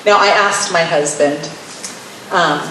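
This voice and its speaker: A woman's voice: deep voice, slow pace, sharp tone. A woman teaching wives about marriage, wry and playfully sarcastic, often acting out little scenes. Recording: very echoey room, mic far off, faint hiss.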